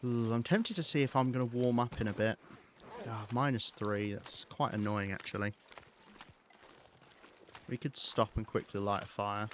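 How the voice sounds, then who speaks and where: A man's voice: fairly low pitch, moderate pace, long pauses, fairly bright tone, slight background noise. A British man streaming a survival game, rambling and thinking aloud as he plays, with many ums and restarts. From Britain. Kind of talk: live gameplay commentary.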